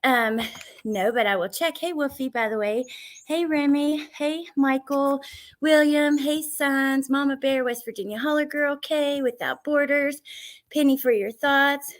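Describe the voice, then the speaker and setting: Woman on a livestream, kinda high voice, chatty, saying hi to chat. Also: unhurried. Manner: greets chat viewers by name, chatty. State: out of breath. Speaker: true crime livestream host.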